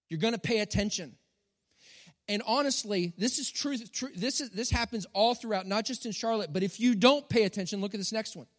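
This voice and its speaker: A middle-aged man preaching a sermon with animated, dramatic storytelling and emphatic repetition. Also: high voice. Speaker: pastor. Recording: long hall reverb.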